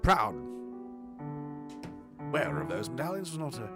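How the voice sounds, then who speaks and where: A man putting on the voice of a creepy, mock-genteel cannibal villain, telling a story slowly. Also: medium pitch, huge pitch swings, loud music behind the voice. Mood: sinister.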